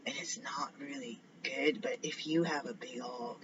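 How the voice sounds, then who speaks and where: Man, rambling casual vlog, slips into whispers, middle-pitched voice, dull lo-fi sound, faint hiss. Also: steady tone, normal speed, hardly any pauses. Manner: rambling, drifts between topics, often drops to a whisper. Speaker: vlogger. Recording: slightly dull lo-fi recording with faint noise.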